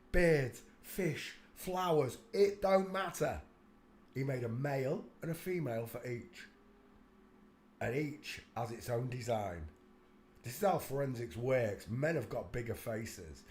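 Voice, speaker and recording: A man's voice: mid-range voice, darkish tone, a little hiss or hum. An older man with a chesty cough, hosting a live stream from a room at home. He chats and preaches in a rambling, apologetic way and breaks off to cough.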